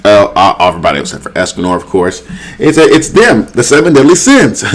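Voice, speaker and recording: A man's voice: on the low side, big pitch swings, a little fast. Casual man rambling through a recap. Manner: rambling, reads character lines aloud with filler words. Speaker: manga reviewer.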